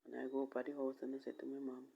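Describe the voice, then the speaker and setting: A woman's voice: a bass voice, completely flat delivery, very fast, gravelly, dark tone, a little hiss or hum. A Jamaican woman from Jamaica telling her own life story in an emotional vlog, her voice often dropping to a whisper. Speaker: vlogger. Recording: dull lo-fi recording.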